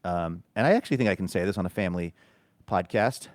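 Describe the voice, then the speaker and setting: A man's voice: sits low, quick pace, no echo. A man co-hosting a podcast, telling a rambling, self-amused story in casual chat. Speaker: podcast co-host.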